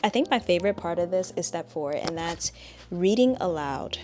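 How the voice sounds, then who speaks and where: A woman's voice: lowish voice, animated, moderate pace, mellow, soft background music. A woman giving a casual spoken language tutorial, chatty and direct as she coaches the viewer.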